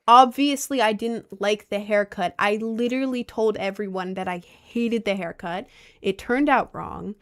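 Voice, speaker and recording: Young woman, casual vlogger, animated storyteller, mid-pitched voice. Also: unhurried. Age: young adult, about 20. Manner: chatty, animated storytelling, mocking quoted voices. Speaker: content creator. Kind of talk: casual chat to viewers.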